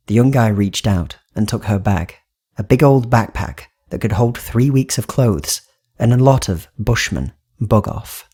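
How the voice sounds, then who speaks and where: Husky male audiobook narrator. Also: lowish voice, expressive, normal speed, warm tone. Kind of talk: scripted narration.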